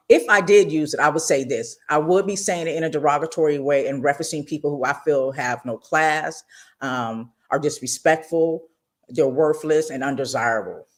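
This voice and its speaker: On her radio talk show, a middle-aged woman with a low voice recounts stories in a relaxed, expressive manner, regularly speaking directly to her listeners in asides.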